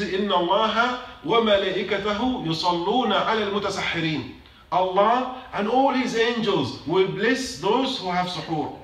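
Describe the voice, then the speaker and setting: A man's voice: high voice, a bit bright. A man giving a short sermon in a mosque, emphatic, repeating his points and putting questions to the congregation. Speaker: mosque speaker. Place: mosque prayer hall. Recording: echoey hall from a distance.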